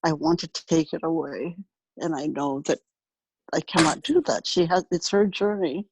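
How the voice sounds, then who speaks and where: A middle-aged woman in a workshop, speaking emotionally and haltingly, repeating herself. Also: deep voice, noisy background. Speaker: workshop participant.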